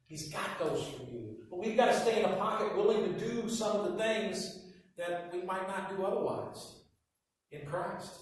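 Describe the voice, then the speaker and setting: Pastor preaching in an echoey hall. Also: male voice, high voice, moderate pace, far from the mic. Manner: storytelling, swings between quiet asides and loud emphatic bursts. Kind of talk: sermon. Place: church hall.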